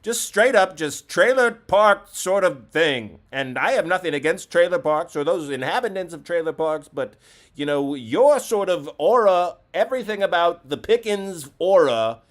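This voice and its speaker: A man's voice: high-pitched, animated, normal speed. A man hosting a comedic call-in show, ranting with profane mock indignation at a caller.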